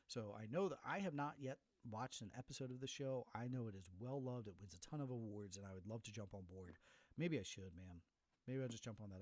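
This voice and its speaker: A middle-aged man hosts a solo podcast in a mid-range voice, recorded dry. He tells a story with animation, acting out the voices of the people in it.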